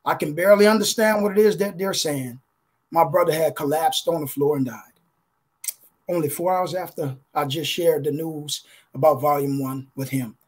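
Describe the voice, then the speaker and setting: A man with a slightly high, slightly rough voice and fairly even intonation shares an emotional motivational testimony on a video call as a contributing author. He sounds preacherly, keeps saying "guys" and "listen," and slows for emphasis.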